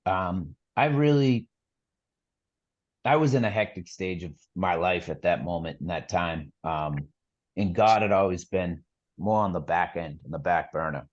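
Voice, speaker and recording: A man's voice: low-pitched, measured pace, highs cut off. A middle-aged man, a podcast guest, telling his story earnestly in a rambling casual way with lots of fillers and restarts.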